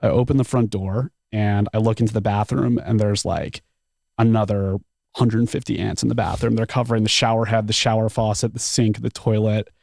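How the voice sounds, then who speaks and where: A man telling a story as a podcast guest, animated, often saying "like" and acting out his own thoughts. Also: fairly low pitch, normal speed, creaky, dry recording, studio quality. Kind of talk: casual storytelling.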